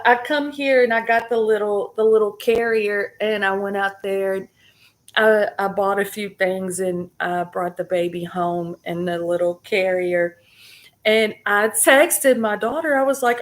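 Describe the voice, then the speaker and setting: A woman's voice: mid-range voice, fairly even intonation, unhurried. A middle-aged woman chatting casually to her viewers, rambling with many fillers and restarts. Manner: addresses the audience directly. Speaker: spiritual reading streamer. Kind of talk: casual live chat to viewers.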